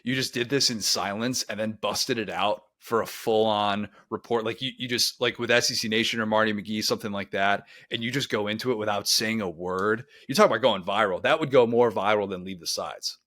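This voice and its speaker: A man's voice: fairly low pitch, brisk, hardly any pauses, a bit bright, dry recording. A man in his thirties from the Chicago suburbs hosting a casual sports podcast interview in an easygoing, chummy way. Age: 30s. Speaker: podcast host.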